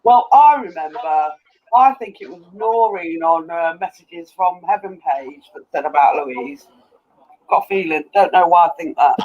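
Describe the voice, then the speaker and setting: A man's voice: fairly high pitch, normal speed, narrow, tinny audio. A man in his fifties reading out and scolding in a casual chat, indignant. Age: 50s.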